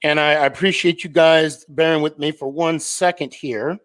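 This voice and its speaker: A man's voice: fairly high pitch, steady tone, moderate pace, a bit bright. A man hosting a live sports podcast stream, talking casually and rambling with lots of fillers and restarts.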